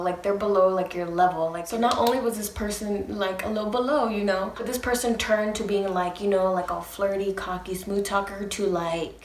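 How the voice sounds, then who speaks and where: A woman's voice: medium pitch, echoey room. Chatty woman telling a storytime. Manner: animated, profane, talks straight to viewers. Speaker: storytime vlogger. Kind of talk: casual storytime.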